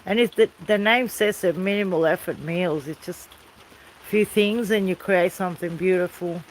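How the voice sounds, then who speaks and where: An Australian woman vlogs outdoors beside a fire while rain falls, chatting casually in a rambling, easygoing way and calling out now and then to people off camera. Her voice sits lowish at a moderate pace, and the low-quality recording carries slight background noise.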